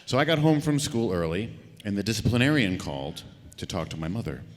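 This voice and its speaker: Guy telling a funny story at a panel, animated tone, big hall echo. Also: fairly low pitch, brisk. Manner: lively, playful storyteller. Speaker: voice actor panelist. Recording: echoey convention hall.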